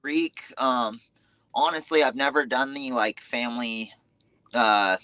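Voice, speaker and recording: A man's voice: mid-range voice, measured pace, sharp tone, dry recording. A man, a dirt bike racer talking frankly and easily as a podcast guest. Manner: easygoing, frank, casual filler words. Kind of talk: casual chat.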